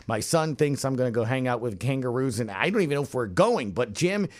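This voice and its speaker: A man co-hosting a sports podcast, jokey and animated as he introduces a guest. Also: mid-range voice, brisk. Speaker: podcast co-host. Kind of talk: casual podcast chat.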